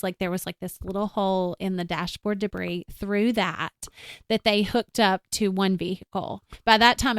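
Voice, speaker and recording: Smooth-voiced woman telling a personal story. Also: mid-range voice, a bit bright, no echo, studio quality. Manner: earnest, reflective storytelling with casual fillers. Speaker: interview guest. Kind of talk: personal storytelling in a conversational interview.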